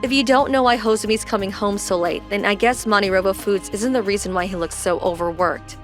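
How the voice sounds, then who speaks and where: A woman's voice: medium pitch, steady tone, a little fast, faint music behind, close to an everyday voice. A young woman voicing a protective wife who confronts her husband's boss in a pleading, accusing way.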